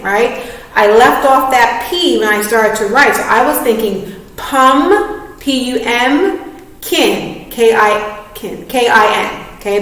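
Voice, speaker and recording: A woman teacher giving a patient, encouraging reading lesson to children, often checking that they follow. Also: a little high. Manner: patient, encouraging, asks many checking questions. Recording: echoey room, voice from far off.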